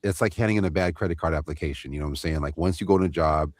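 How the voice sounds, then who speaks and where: A man's voice: extremely low pitch, very fast, darkish tone, no room sound, clean studio sound. A man voice actor on a panel, talking in a laid-back, slangy, rambling way. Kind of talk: casual panel chat.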